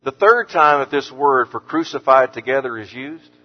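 A man preaching an earnest sermon as pastor, lifting his voice on scripture quotes and dropping low and soft on words of comfort. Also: animated, normal speed. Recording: muffled sound with long hall reverb.

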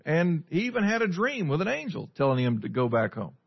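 A man's voice: on the high side, big pitch swings, brisk, gravelly, few pauses, husky. A man, preaching a conversational sermon, putting scripture into everyday words and asking his listeners questions. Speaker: pastor. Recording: dull lo-fi sound.

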